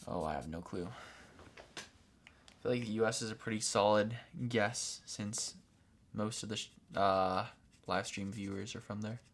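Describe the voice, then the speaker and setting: A man's voice: fairly low pitch, a little slow. A man hosting a live stream, chatting casually and replying briefly to viewer messages while he draws. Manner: relaxed, replies briefly to viewer chat.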